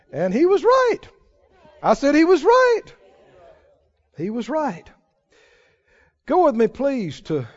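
A man preaching a sermon as a pastor, animated, laughing often and calling out to the congregation. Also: high-pitched, lo-fi sound.

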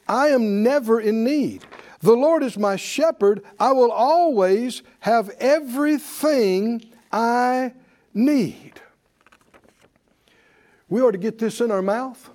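A man's voice: very high-pitched, darkish tone. A man preaching a sermon to a congregation, calling out questions and repeating key phrases for emphasis. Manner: call-and-response preaching, emphatic repetition. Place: church with congregation.

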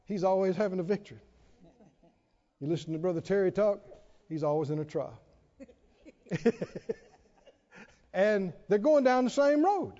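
High-voiced preacher in an echoing church. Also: male voice, normal speed, pauses often. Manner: animated storytelling with humor, calls for congregation responses. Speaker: pastor. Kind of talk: sermon. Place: church sanctuary with congregation. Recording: dull reverberant church recording.

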